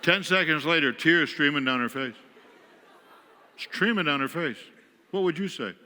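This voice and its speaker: Man, guest preacher, wry self-mocking stories, bright forceful voice, long church-hall reverb. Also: on the high side, normal speed, some chatter behind, slight background noise. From western New York. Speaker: guest speaker. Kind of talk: humorous storytelling sermon. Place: church sanctuary.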